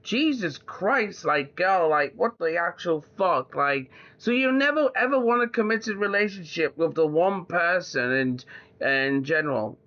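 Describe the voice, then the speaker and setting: Rambling man, bright, full of fillers. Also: high voice, expressive, a little slow. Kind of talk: casual chat. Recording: slightly muffled lo-fi audio.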